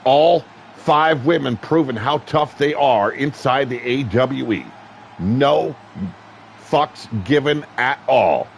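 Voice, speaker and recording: A man calling a wrestling match play-by-play, excitable and profane, often shouting. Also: mid-range voice, takes it slowly, creaky, a little hiss or hum. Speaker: wrestling commentator. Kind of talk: play-by-play commentary.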